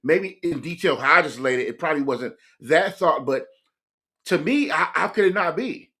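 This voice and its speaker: A man reacts to a song for his viewers, excitable and quick to laugh. His voice sits a little high for a man. He talks casually and directly to the camera. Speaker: music reaction host.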